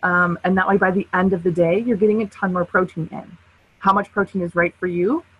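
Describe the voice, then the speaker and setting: A woman presenting a nutrition webinar in a chatty, lively way, acting out quotes as she tells stories. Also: fairly low pitch, fairly quick, breathy edge, narrow, tinny audio. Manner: chatty, lively storyteller who acts out quotes and laughs often. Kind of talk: casual webinar talk.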